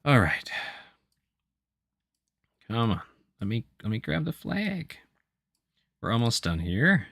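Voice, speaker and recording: A man's voice: mid-range voice, big pitch swings, takes it slowly, vocal fry, pauses often, a bit bright, no room sound, clean studio sound. A man narrating as game master in a casual, loose way. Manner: casual, loose, many fillers.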